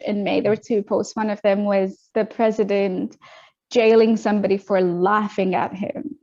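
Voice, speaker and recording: A young adult woman from Australia, a guest telling her story in a casual interview, animated and quick, acting out what others said. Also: medium pitch. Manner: animated, quick retelling with acted-out quotes. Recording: dull lo-fi audio.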